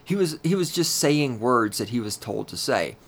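A man hosting his own podcast in a solo rant, swearing heavily and talking in a loud, heated way. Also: lively intonation, moderate pace. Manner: profane, ranting, heavy swearing; loud and heated, then lower and grumbling. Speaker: podcast host.

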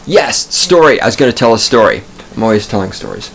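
A man's voice: on the low side, expressive, quick pace, creaky, a bit bright, slight background noise. A man hosting a podcast from a studio booth, telling stories in a profane, digressive, self-amused ramble. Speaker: podcast host. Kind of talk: rambling comic monologue.

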